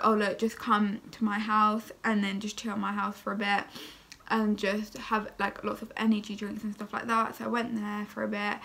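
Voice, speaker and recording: A woman's voice: fairly high pitch, a bit bright. A young woman telling a casual story-time vlog, chatty and full of fillers, tired and still recovering. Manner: chatty, many fillers like "like" and "oh my God". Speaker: vlogger.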